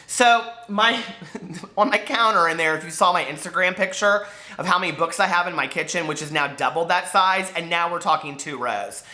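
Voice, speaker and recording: A man hosting a casual book vlog at home, chatty and animated, laughing often and drawing out words for dramatic emphasis as he walks between rooms. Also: on the high side, moderate pace. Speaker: book vlogger host. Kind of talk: casual rambling vlog chat.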